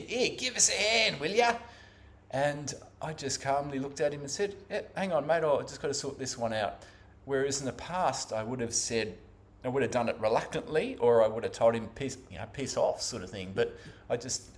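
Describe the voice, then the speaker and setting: Halting Australian man telling his story. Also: lowish voice. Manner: halting, many fillers and restarts. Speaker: Zen practitioner giving a talk. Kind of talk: personal storytelling talk.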